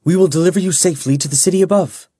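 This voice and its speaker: Guy doing a stern lady guard captain, barking orders in a higher voice. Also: racing, breathy edge, no echo, clean studio sound. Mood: urgent. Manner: sharp, commanding.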